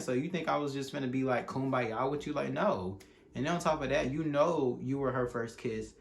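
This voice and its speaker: A young man telling a casual, animated storytime, acting out quotes and using slang. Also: mid-range voice, slight background noise.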